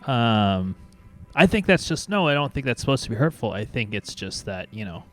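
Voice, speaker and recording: A man hosting a comedic call-in stream, teasing his co-host in a quick, playful way. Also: medium pitch, very animated, soft background music. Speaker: show host. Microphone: webcam video call.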